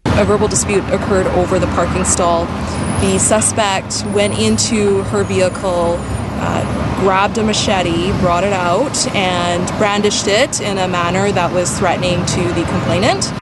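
A woman's voice: mid-range voice, fairly even intonation, a little slow. A woman police officer giving a statement in a news clip, speaking with a rising uptalk. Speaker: police constable. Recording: news clip outdoors with loud traffic noise.

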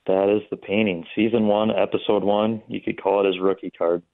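A man calling in as a guest, speaking in a relaxed way with plenty of ums and uhs. His lowish voice comes through a thin, tinny phone line with a dry sound. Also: a little fast, gravelly, no echo. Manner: relaxed, filler-heavy. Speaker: guest, art company president. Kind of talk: phone interview.

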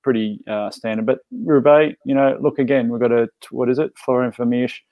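A man's voice: mid-range voice, fairly even intonation, fairly quick, mellow, no echo. A man, a former pro cyclist, reflecting in casual podcast chat with many restarts. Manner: reflective, thinks aloud with restarts.

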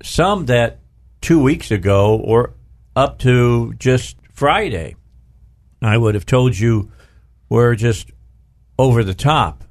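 A man's voice: mid-range voice, lively intonation, slow, pauses often. A middle-aged man hosting a talk radio show from his studio, rambling and restarting his sentences, stretching out words for emphasis.

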